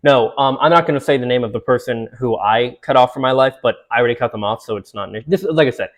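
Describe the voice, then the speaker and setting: A man's voice: medium pitch, quick pace. A man in his twenties talking casually to camera as a vlogger, rambling with many restarts and fillers, laughing and swearing now and then. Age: 20s.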